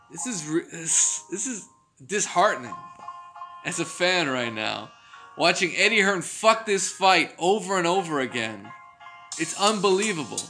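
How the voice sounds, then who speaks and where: Exasperated high-voiced man ranting. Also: gravelly, pushed and bright. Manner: profane, exasperated ranting with laughs. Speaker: boxing news commentator. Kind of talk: casual reaction commentary.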